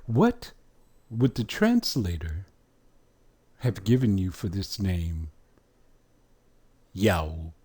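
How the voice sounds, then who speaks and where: A man teaching a religious language lesson, drawing out letter sounds slowly and putting questions to the listener. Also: low-pitched, huge pitch swings, warm tone, slightly rough.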